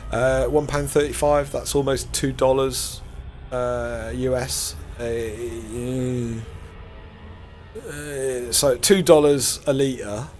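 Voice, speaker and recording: A man's voice: mid-range voice, steady tone, drawn-out words, darkish tone, soft background music. Rambling man narrating gameplay. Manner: rambling, self-deprecating, chuckles to himself. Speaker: gaming channel host. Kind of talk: casual gameplay commentary.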